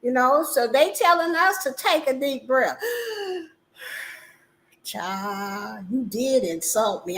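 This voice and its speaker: A woman hosting a casual livestream talk show, animated and emphatic, often laughing as she talks. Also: high voice, slow pace, long pauses, rough recording. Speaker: livestream host.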